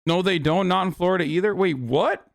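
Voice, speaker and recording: A man reacting to a video on a live stream, casual, profane and excitable. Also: sits high, fairly quick, creaky, no room sound, clean studio sound.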